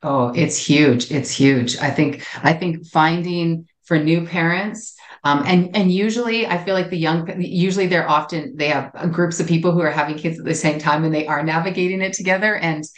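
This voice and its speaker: A woman co-hosting a podcast as a relationship psychologist, telling an expressive personal story with many restarts. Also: low-pitched, normal speed, roomy sound. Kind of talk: casual podcast chat.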